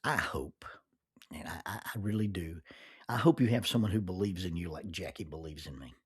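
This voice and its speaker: Husky, low-voiced man giving an earnest talk. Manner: earnest, halting, repeats words when starting phrases. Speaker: podcast host giving a devotional message. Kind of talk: reflective faith-based talk.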